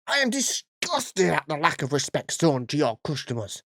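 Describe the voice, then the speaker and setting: A man voicing a shrill, entitled middle-aged woman shopper who scolds and makes drawn-out demands. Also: big pitch swings, vocal fry, a bit bright, no echo, heavily acted. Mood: indignant. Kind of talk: reading a story aloud, voicing characters.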